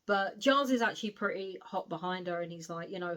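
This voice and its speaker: A woman's voice: medium pitch, brisk, hardly any pauses, a bit bright. A woman giving a casual spoken book review, recounting the plot in a chatty way with frequent asides.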